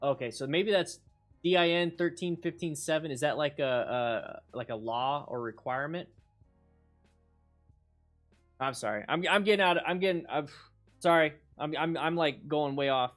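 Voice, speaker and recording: Casting: hyped-up male instructor-host, chatty, repeats lines, a bit high-pitched, faint music behind. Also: moderate pace. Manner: excitable, rambling, repeats himself, bursts of hype. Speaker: motorcycle riding instructor and channel host. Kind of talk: excited livestream chat with viewers.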